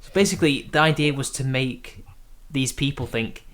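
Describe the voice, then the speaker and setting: A man's voice: mid-range voice, moderate pace, a bit bright. A man from Britain hosting a casual live stream, rambling and hesitant, laughing often between points. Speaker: stream host.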